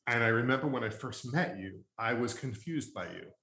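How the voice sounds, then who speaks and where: A man's voice: medium pitch, brisk, sharp tone, roomy sound, a little hiss or hum. A man from Long Island interviewing a guest in a casual chat. He rambles with fillers and restarts. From Long Island, New York.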